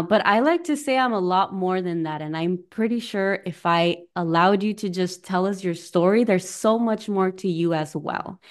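On a video call through her computer mic, a coach and workshop host leads a conversational webinar at medium pitch. She's a young woman from the United States with Mexican family, personal and talkative, and she drops Spanish phrases into her speech.

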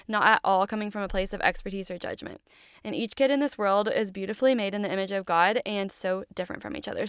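A woman's voice: medium pitch, smooth, no echo, studio quality. A woman in her thirties hosting a podcast, giving casual, earnest, encouraging advice in a chatty way with lots of "like". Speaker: podcast host. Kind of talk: casual parenting advice monologue.

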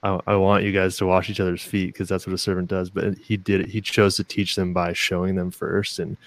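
A man's voice: deep voice, level tone, fairly quick, dry recording. A man co-hosting a faith podcast, speaking in an earnest, reflective way. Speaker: podcast co-host. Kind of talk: casual faith chat.

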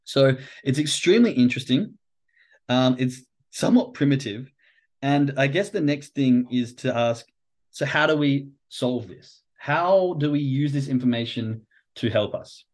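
A man hosting a livestream, explaining trading psychology in casual, animated talk, acting out quoted reactions and swearing casually. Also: medium pitch, measured pace. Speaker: podcast host and trading coach.

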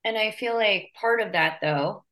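A woman's voice: medium pitch, measured pace, bright, forceful tone. A woman hosting a casual conversation, reflective and chatty, often checking that her guest follows. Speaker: podcast host.

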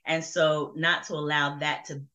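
A woman's voice: deep voice, flat delivery, measured pace, bright, forceful tone. A middle-aged woman from New Jersey, a guest giving a personal faith testimony in conversation, earnest and reflective with many fillers. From Burlington, New Jersey. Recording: dull lo-fi sound.

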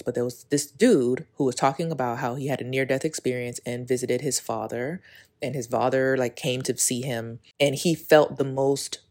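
A woman's voice: a bass voice, a little mellow. A woman in her thirties hosting her own podcast, talking candidly and rambling with many fillers, recorded on a phone outdoors. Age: 30s. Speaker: podcast host. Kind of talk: casual spoken intro and monologue. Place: outdoors on a walk or in a park.

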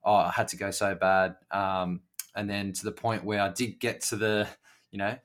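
Bright-voiced man, relaxed. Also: on the low side, normal speed. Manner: relaxed, hesitant, many fillers. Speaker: podcast co-host. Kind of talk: casual chat.

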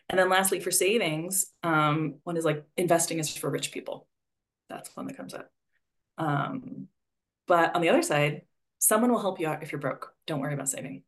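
Woman guiding a reflective money chat. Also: sits low. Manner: reflective, prompting, with fillers. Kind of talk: guided conversation.

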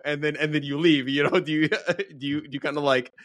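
A man's voice: a little high, fairly even intonation, brisk, a bit bright, no room sound, clean studio sound. A man hosting a podcast in casual chat, laughing often and rambling with restarts. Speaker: podcast host.

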